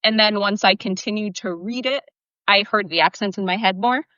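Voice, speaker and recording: Female co-host, bright voice, chatty and animated, dry and somewhat muffled. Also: mid-range voice, normal speed, clear, resonant tone, no room sound. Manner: chatty, animated, many fillers. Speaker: podcast co-host. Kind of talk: casual chat.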